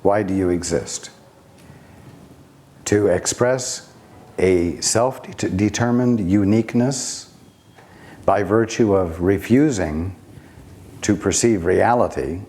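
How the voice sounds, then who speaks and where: A man giving a spiritual teaching talk, speaking deliberately with long pauses and rhetorical questions. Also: deep voice, dark tone.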